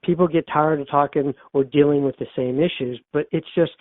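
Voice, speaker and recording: An older man who is an author and therapist tells a personal story in an interview, speaking earnestly and repeating phrases for emphasis. His voice is fairly high with a steady tone and a fairly quick pace. The recording is dry, with a tinny phone-line sound.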